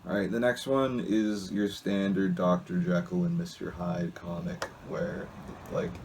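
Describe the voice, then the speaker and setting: A man's voice: sits low, flat delivery, a little slow, a little mellow, a little hiss or hum. A man casually describing comics aloud in a rambling, hesitant way, with many restarts and asides. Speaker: solo video host reading comics.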